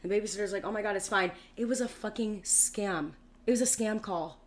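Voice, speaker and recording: A woman's voice: mid-range voice, fairly quick. A woman in her thirties co-hosting a podcast, telling a long story in casual chat with lots of "like" fillers and acted-out quotes. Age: 30s. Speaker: podcast co-host.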